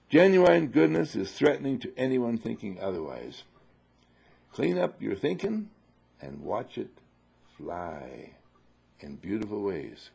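A man giving a spiritual talk to an audience, playful and repetitive, swinging from loud to hushed. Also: on the low side, huge pitch swings, measured pace, gravelly, long pauses, slightly rough, highs cut off. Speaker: spiritual teacher.

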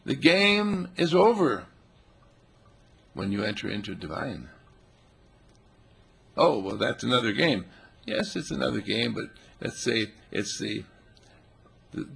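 A man giving a playful, animated spiritual talk, now and then putting on animal voices. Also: lowish voice, unhurried. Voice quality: gravelly, husky.

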